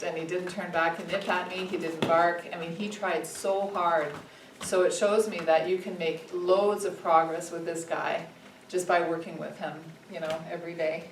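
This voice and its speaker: Calm woman trainer in an echoey room. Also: fairly low pitch. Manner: calm, steady instructive tone. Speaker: puppy trainer. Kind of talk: explaining puppy training to owners. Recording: echoey room, distant mic, faint noise.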